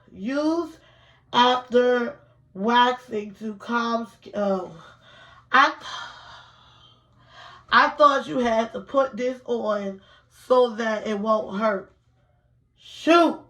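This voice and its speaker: Young woman vlogger, slightly high voice, unhurried nervous chatter to camera. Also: fairly bright tone. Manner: chatty, nervous, addresses viewers as y'all. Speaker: beauty vlogger. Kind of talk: casual vlog chat. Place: indoors at home.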